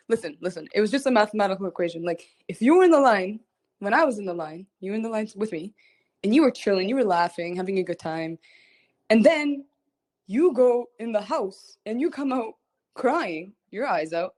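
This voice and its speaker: A young woman, a singer hosting a livestream, chatting casually and telling a story in an animated, rambling way, giggling often and repeating herself. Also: medium pitch, fairly quick. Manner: frequent giggling. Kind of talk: casual chat.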